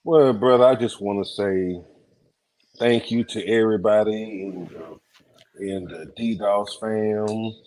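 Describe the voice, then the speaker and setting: Low-voiced friendly man guest. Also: slow, low-quality recording. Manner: friendly, relaxed, calls people brother. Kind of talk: casual chat.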